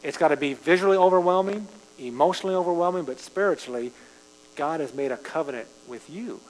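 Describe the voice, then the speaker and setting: A man's voice: a little high, quick pace. A man preaching a sermon, reading scripture and then talking it through in a conversational way, rising for emphasis. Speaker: pastor. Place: church sanctuary. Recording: live church stream with long reverb and mains hum.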